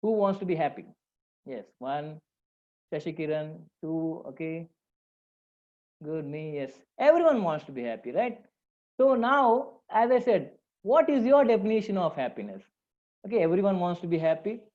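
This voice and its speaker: A man's voice: high voice, big pitch swings, normal speed, a little mellow. Indian man giving a motivational talk. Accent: Indian English. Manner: conversational, asks the audience questions, repeats phrases. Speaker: motivational speaker and counselor. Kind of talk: talk to students. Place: lecture hall. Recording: dull lo-fi sound.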